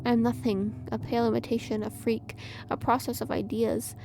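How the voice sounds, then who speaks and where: A woman's voice: fairly high pitch, flat delivery, a little fast, gravelly, background noise. A woman voicing a male artificial child creature who talks in a pained, pleading way to the one who raised him.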